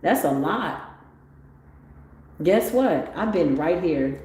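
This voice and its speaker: A woman giving a motivational spiritual talk on a livestream, animated and swinging up into excited exclamations. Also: on the low side, slow. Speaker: spiritual tarot reader. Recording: very echoey room with faint ambient noise.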